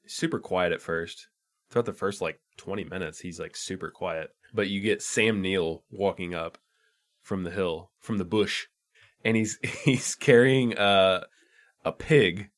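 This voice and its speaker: Male podcast co-host, low pitch, easygoing banter that trails off. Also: unhurried. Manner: relaxed, trailing off, laughs often. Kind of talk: casual chat.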